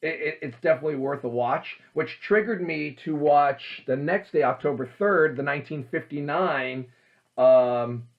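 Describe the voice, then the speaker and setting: A man hosting a casual talk about old horror films, emphatic and animated, with many fillers. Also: fairly high pitch, moderate pace, lo-fi sound. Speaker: host.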